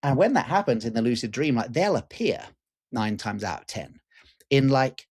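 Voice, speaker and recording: A man in his forties, a guest teacher, telling a personal story in an animated, candid way with casual swearing and fillers. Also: medium pitch, moderate pace, slightly rough. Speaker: guest, lucid dreaming teacher.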